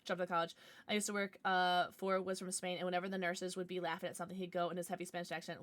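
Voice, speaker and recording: A woman streamer chatting casually on a livestream, bubbly and excitable, swearing now and then. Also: on the low side, very fast.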